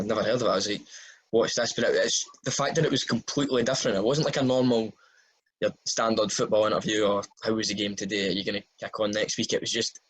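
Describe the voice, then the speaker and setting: A man interviewing a guest in a relaxed, easygoing way. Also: on the low side, slightly rough, poor audio. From Scotland. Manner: relaxed, laughs easily. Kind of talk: casual interview.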